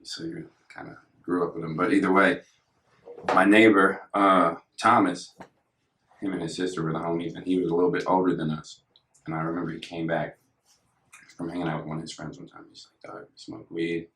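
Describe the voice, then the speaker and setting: A man's voice: sits low, little pitch movement, fairly quick, fairly bright tone, slight background noise. A young man telling stories in a casual, slangy way, laughing as he goes. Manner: laid-back, slangy, laughs through stories. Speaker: podcast guest. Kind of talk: casual storytelling. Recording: echoey room.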